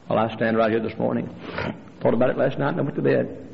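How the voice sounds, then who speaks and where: Gravelly preacher man, fiery sermon. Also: fairly even intonation, fast talker, a little hiss or hum. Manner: impassioned preaching, climbing to shouted refrains, dropping low for stories. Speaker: pastor. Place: church sanctuary. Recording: lo-fi recording with long hall reverb.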